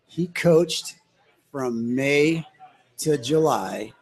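A man's voice: mid-range voice, lively intonation, very slow, rough recording. Matter-of-fact man, soccer club boss. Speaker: club director, guest. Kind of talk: casual chat.

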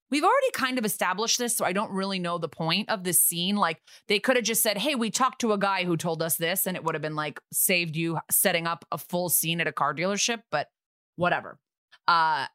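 A woman co-hosting a podcast, recapping a TV episode in casual chat with sarcastic, quick asides. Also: fairly low pitch, expressive, sharp tone, no room sound, clean studio sound.

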